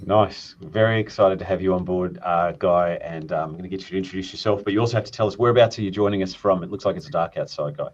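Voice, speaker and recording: A man's voice: low-pitched, quick pace, few pauses, dull audio. A man with an Australian accent hosting a live business chat, friendly and a little rambling over a video call. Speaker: host. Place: Seattle.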